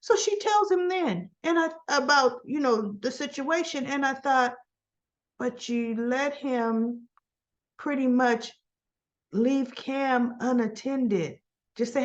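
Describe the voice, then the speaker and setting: Woman, higher voice, casual soap recap, chatty, exasperated asides, dull lo-fi recording. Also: measured pace. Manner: chatty, acts out characters' lines with exasperated asides. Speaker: soap opera recap vlogger.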